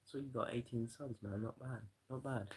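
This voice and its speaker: A man's voice: mid-range voice, moderate pace, a little mellow, rough recording. A British man chatting loosely on a live stream, rambling and swearing, with lots of "you know". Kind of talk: rambling casual livestream chat.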